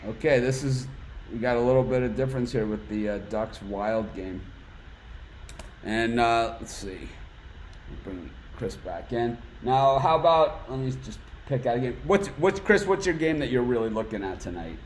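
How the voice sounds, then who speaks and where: A man's voice: medium pitch, expressive, normal speed, darkish tone, a little hiss or hum, poor audio. A man hosting a casual sports betting chat, telling jokey stories between picks. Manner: chatty, jokey storyteller. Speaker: host.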